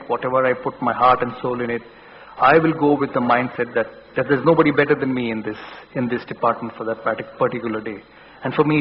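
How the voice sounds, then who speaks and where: A man in his forties with an Indian English accent gives a motivational talk to a hall. His delivery is earnest, full of restarts and repeated words. The sound is dull and lo-fi, with a long reverb and a faint hum behind it. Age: 40s. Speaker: keynote speaker. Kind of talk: motivational speech with anecdotes. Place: large hall. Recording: dull, boomy hall recording.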